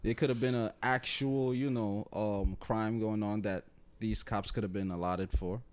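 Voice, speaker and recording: A man's voice: fairly low pitch, fairly even intonation, moderate pace, a little mellow, a little hiss or hum. A man co-hosting a podcast who tells stories in casual chat and laughs easily. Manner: storytelling, laughs, does funny voices. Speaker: podcast co-host.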